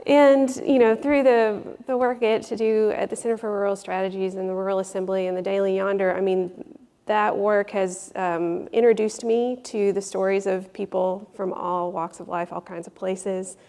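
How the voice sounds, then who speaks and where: A woman with a gravelly, creaky voice speaks as a panelist, musing thoughtfully with plenty of fillers. Her words carry a long reverb in a large hall. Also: medium pitch, flat delivery, normal speed, warm tone. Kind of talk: panel discussion.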